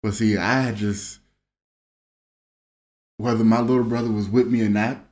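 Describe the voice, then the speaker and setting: A man's voice: lowish voice, moderate pace. A man co-hosting a casual podcast, telling his own story and chiming in with short reactions. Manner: relaxed, chimes in with short reactions. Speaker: podcast co-host. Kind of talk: casual chat. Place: home room. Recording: roomy home recording.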